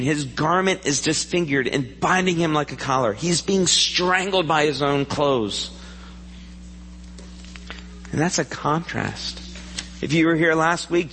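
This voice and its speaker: A man's voice: a little high, fairly bright tone, a little hiss or hum. Earnest man preaching in a church hall. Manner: earnest, asks the congregation questions. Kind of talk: sermon. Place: church sanctuary.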